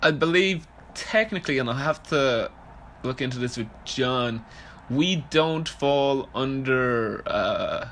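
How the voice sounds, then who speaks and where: A man's voice: medium pitch, lively intonation, takes it slowly, hardly any pauses, fairly bright tone, a little hiss or hum. A man co-hosting a podcast in casual, teasing chat, laughing often. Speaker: podcast co-host. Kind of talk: casual chat about fantasy sports.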